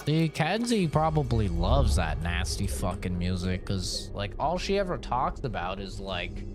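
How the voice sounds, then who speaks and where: A streamer, a man telling a casual story in a slow, unhurried way, full of fillers and the odd swear. His pitch moves a lot as he talks, with faint music playing behind him. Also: very animated.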